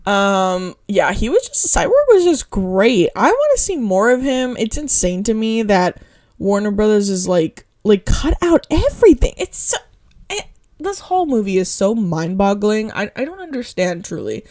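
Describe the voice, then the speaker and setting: A woman's voice: mid-range voice, sing-song, a little mellow. Young woman vlogger, casual, eager, rambling delivery with constant fillers. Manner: rambling, lots of "um" and "like"; enthusiastic, quick to gush. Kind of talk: casual movie review ramble.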